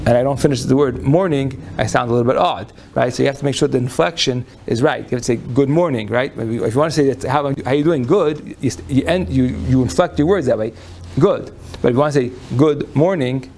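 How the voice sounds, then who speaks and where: Gravelly-voiced man giving a lecture. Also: medium pitch, quick pace, hardly any pauses, darkish tone, a little hiss or hum. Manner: folksy, repeats and restarts phrases. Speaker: lecturer on Jewish law. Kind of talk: lecture with audience questions. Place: lecture room before an audience.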